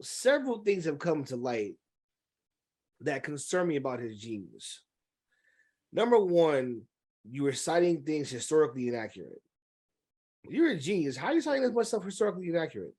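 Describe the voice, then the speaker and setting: Male podcast co-host; high, very animated delivery, opinionated and riffing. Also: normal speed, long pauses, breathy edge. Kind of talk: casual chat.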